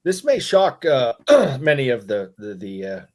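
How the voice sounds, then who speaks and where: A man's voice: mid-range voice, wildly swooping pitch, measured pace. A man co-hosting a live stream, teasing back with dry, mock-offended remarks in casual chat. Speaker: co-host.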